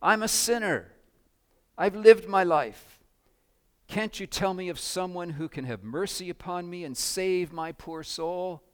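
A man's voice: high voice, unhurried, smooth, voice pushed up. A preacher voicing a desperate dying woman. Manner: crying out, loud.

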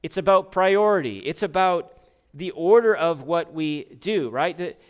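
A man's voice: fairly high pitch, animated, a little slow, clean tone. A man preaching a sermon as pastor, talking in a conversational way, asking the congregation rhetorical questions and often restarting his words.

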